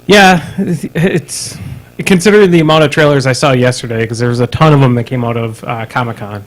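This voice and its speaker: A man co-hosting a live-streamed podcast, chatting casually, animated and laughing often, stumbling and restarting his sentences. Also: medium pitch, brisk, rough recording. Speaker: podcast co-host. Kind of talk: casual chat.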